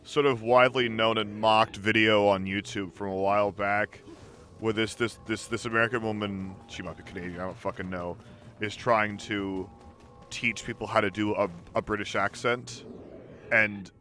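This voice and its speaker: A man's voice: lowish voice, steady tone, normal speed, sharp tone. A man streaming a video game, chatting casually and rambling, often repeating words. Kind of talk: casual chat while gaming. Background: game music.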